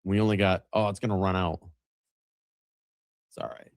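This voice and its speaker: A man's voice: sits low, steady tone, normal speed, vocal fry, no echo, studio quality. A man hosting a live stream, reacting to a clip in a profane, mocking and gleeful way. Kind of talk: casual live-stream commentary.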